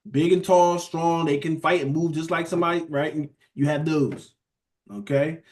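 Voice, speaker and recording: A man leading a Bible study in a casual preaching style, lively and conversational, often calling his listeners "beloved". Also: on the high side, normal speed.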